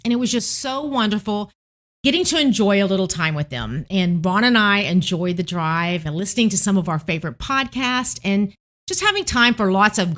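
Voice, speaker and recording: A middle-aged woman from Tennessee, hosting a devotional podcast and gently reminiscing. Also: mid-range voice. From Tennessee, United States. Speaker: podcast host.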